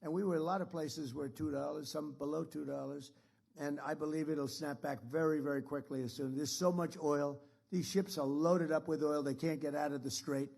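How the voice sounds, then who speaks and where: A man's voice: a little high, fairly even intonation, normal speed, vocal fry, a little mellow. A man speaking as president, giving a rambling, repetitive and boastful political speech to an audience in an indoor room.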